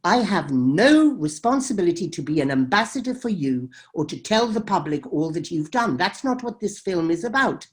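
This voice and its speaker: Emphatic woman filmmaker telling a story. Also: lowish voice. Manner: emphatic and dramatic, acting out quoted exchanges. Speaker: documentary filmmaker. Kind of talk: storytelling in an interview.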